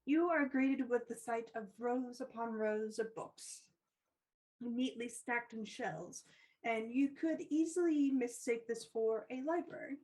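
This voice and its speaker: A woman's voice: fairly high pitch, measured pace, a little mellow, low-quality recording. A woman running a tabletop game as dungeon master, narrating scenes and laughing easily.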